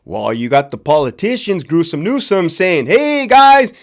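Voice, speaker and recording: Animated, profane man ranting. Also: a little high, moderate pace. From Southern California. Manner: profane, animated, sarcastic, repeats for emphasis. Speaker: podcast host, former prison guard. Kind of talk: casual ranting monologue to camera.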